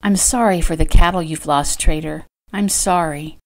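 A woman's voice: low-pitched, normal speed. A woman voicing a spirited young heroine, a character in her own audiobook novel. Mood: earnest.

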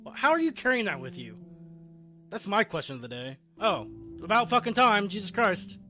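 A young man playing a video game and reacting with excited, swearing commentary, laughing often. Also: sits high, normal speed, soft background music. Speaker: let's player.

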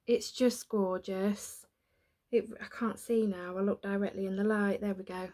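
Steady and warm, this woman's medium-pitched voice moves at a moderate pace as she unboxes something on camera at home. The YouTuber chats away, emotional to the point of tears, and laughs at herself.

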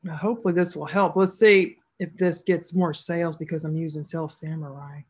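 A woman's voice: deep voice, steady tone, brisk, husky. A woman narrating a screen-recorded tutorial as an online seller, casual and thinking aloud as she clicks through each step.

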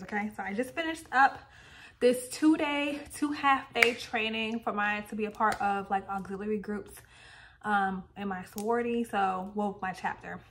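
A woman's voice: medium pitch, slight background noise, rough recording. A woman in her thirties chatting casually to her viewers in a rambling vlog. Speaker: lifestyle vlogger.

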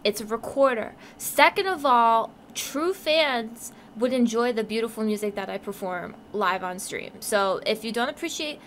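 A woman's voice: on the high side, lively intonation, moderate pace, hardly any pauses, a bit bright, a little hiss or hum. A woman live streamer in casual chat with her viewers, cursing through crude mock rants.

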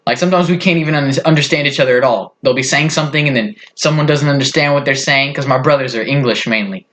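A man's voice: mid-range voice, fast talker, a bit bright. A man casually telling a funny family story on his vlog, rambling with lots of fillers. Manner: rambling, full of "like" and "you know". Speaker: vlogger.

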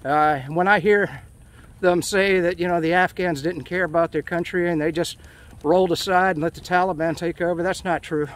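A man's voice: high voice, fairly even intonation, normal speed. Rambling middle-aged man ranting outdoors. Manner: emotional, ranting, with frequent fillers. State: hot and sweaty from walking. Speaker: vlogger. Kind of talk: casual walking vlog. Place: outdoors in a park, walking.

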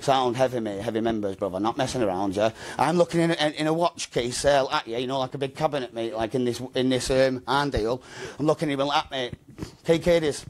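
A man speaking as an interview guest, his pitch sitting in the middle range. He rambles through his story in casual street slang, circling back on his own phrases. His delivery is loose and conversational. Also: fast, hardly any pauses. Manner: rambling, slangy, repeats "mate" and "do you know what I mean".

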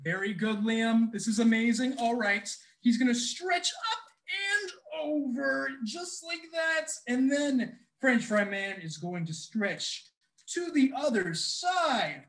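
A man playing an excitable big brother in an interactive children's musical, cheering on and coaching the kids as he talks to them. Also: very high-pitched, slow, heavily acted, low-quality recording. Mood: playful. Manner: bubbly, encouraging, talks straight to the kids. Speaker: stage performer leading children. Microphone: video call.

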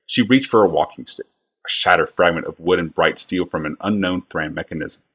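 A man reads a fantasy novel aloud in a steady, measured way. His voice sits low and deep, with a husky, slightly breathy grain. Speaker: reader.

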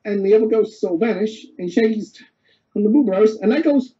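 Brief: casual male co-host, very deep mellow tone, rambling recap, muffled lo-fi recording. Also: brisk. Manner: rambling, stops and restarts while summarizing. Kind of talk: casual retelling.

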